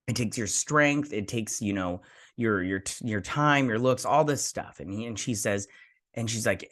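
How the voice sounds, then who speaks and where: A man's voice: fairly low pitch, unhurried, a bit bright. A young man hosting a show, casually retelling a TV episode in a rambling way, quoting characters as he goes. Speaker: show host.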